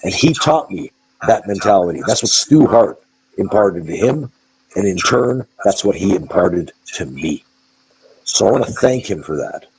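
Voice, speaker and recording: Gravelly deep-voiced blunt man. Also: sing-song, moderate pace, darkish tone, a little hiss or hum, low-quality recording. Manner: blunt, profane, emphatic, with repeated restarts. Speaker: wrestling promoter and guest. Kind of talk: candid interview storytelling.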